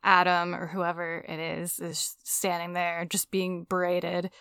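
Woman co-host, smooth lowish voice, close dry mic, candid chat. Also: monotone, a little slow, fairly bright tone, no echo. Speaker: podcast co-host. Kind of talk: true-crime podcast chat.

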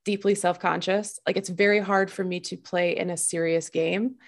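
Animated woman in casual chat. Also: normal speed. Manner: animated, laughs often, pitch jumps high when excited.

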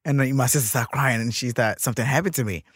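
A man in his thirties from Minneapolis, telling a personal story in an animated way and acting out the voices of others. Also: medium pitch, fast, husky, dry recording, clean studio sound. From Minneapolis, USA. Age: 30s. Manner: animated, acts out quoted voices. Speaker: interview guest, drag performer.

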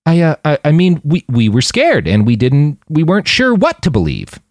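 A man's voice: on the high side, wildly swooping pitch, moderate pace, a little mellow, no echo, clean studio sound, pitched above the performer's own voice. A man voicing a nervous young man who stammers anxiously in a storybook reading. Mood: flustered. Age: young adult.

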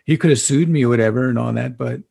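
A laid-back man chatting casually on a podcast, slangy and dropping in Spanish words. His voice is gravelly with a husky edge. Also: medium pitch, fast, warm tone. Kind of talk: casual chat.

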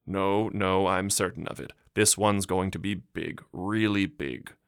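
A man's voice: low-pitched, steady tone, measured pace, gravelly, fairly bright tone, clear, resonant tone, no room sound, studio quality, exaggerated voice. A man reading an audiobook, voicing an older village mayor who talks emphatically and insists he is right. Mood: insistent. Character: old village mayor, insistent and self-assured.

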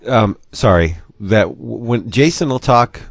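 A man's voice: mid-range voice, lively intonation, a little slow, creaky, dry recording. A man hosting a casual podcast, congested, joking and laughing a lot as he chats. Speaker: podcast host.

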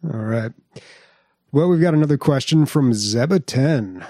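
A man's voice: mid-range voice, expressive, measured pace, mellow, no echo, studio quality. A man co-hosting a casual gaming podcast in an easygoing way. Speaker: podcast co-host.

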